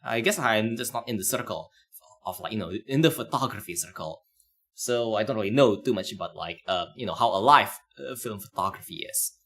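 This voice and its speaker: Man, live-stream commentary, rambling, swoopy lively pitch. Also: fairly quick. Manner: rambling, many fillers and restarts. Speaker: streamer reacting to a video.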